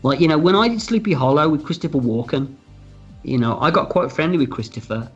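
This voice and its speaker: A man, a film writer and director, tells behind-the-scenes stories in an interview. He talks in a lively, candid way, acts out quoted dialogue and swears freely. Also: a little high, brisk, breathy edge. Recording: slightly dull lo-fi audio with faint music.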